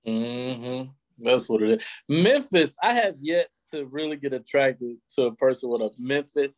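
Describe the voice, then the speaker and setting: A man's voice: mid-range voice, expressive, measured pace, dry recording. A man chatting casually and joking with profane banter among friends. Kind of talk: casual chat.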